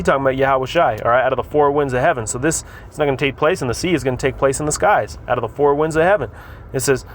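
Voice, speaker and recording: A man's voice: mid-range voice, a little fast, fairly bright tone, a little hiss or hum. A man teaching scripture in a casual, repetitive way, reading verses aloud and often adding "man" and "all right.". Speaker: religious teacher.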